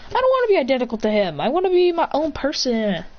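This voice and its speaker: A woman's voice: sits high, huge pitch swings, quick pace, voice pushed up. A woman voicing an eager, stubborn five-year-old boy in a fan story. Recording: dull home recording with faint ambient noise.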